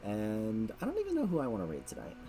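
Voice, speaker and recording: A man's voice: lowish voice, huge pitch swings, quick pace, music in the background. A man hosting a casual late-night stream chat, rambling and repeating words, laughing often. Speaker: streamer host.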